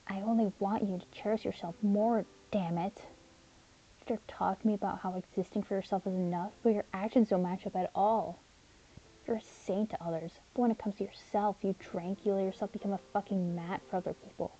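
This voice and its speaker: A woman narrating a first-person audio story as a caring, protective young man named Caleb, in an earnest, steady manner. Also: medium pitch, fairly quick, husky, lo-fi sound. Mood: frustrated. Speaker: narrator and voice actor.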